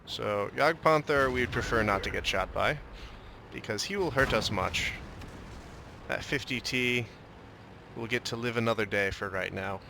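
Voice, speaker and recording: A man's voice: mid-range voice, unhurried, vocal fry, background noise. A young man casually commenting on his own tank battle, joking and slipping into a mock Russian way of talking. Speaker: gameplay commentator.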